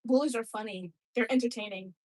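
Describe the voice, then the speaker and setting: A woman's voice: fairly high pitch, fairly quick. A woman in a casual chat who makes teasing, laughing asides.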